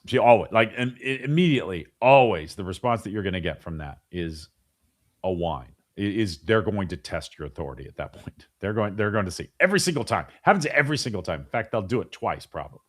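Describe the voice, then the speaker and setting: A middle-aged man in a casual interview, talking animatedly with frequent restarts and acting out voices of parents and kids. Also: on the low side. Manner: frequent restarts and repeated words. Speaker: podcast guest.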